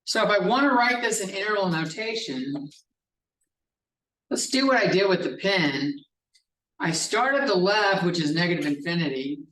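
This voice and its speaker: A man's voice: high-pitched, lively intonation, normal speed, a bit bright, slight background noise. A male math professor giving a classroom lecture, explaining step by step in a casual style with some swearing. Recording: echoey classroom from a distance.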